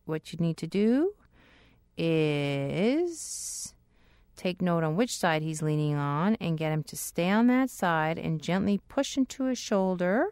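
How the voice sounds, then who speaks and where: A woman dog trainer explaining tricks step by step in an upbeat instructional talk, now and then breaking into a high sing-song praise voice. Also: darkish tone, clean tone, no echo, studio quality.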